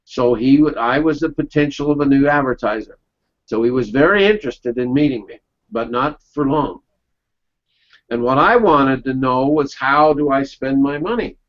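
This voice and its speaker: A man's voice: mid-range voice, animated, normal speed. A man presenting a webinar, telling folksy business anecdotes in a casual round-table chat and checking in with his listeners. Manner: folksy storytelling, checks in with "okay?". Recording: dull lo-fi recording.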